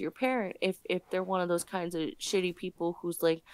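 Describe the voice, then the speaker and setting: A woman tells a story in a casual stream chat, swearing freely and tripping over restarts. Her voice sits low. The sound is dry and close, with no room to it. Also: a little fast, few pauses, clean tone, no echo. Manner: profane, animated, stumbling restarts.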